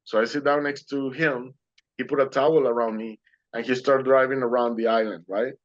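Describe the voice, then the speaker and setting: A man recounts his own story in an earnest, emotional way, choosing plain, simple words. His voice sits at an ordinary middle pitch. The recording is slightly dull and lo-fi. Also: fairly even intonation, a little fast. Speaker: guest speaker sharing his near-death story. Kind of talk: heartfelt personal storytelling.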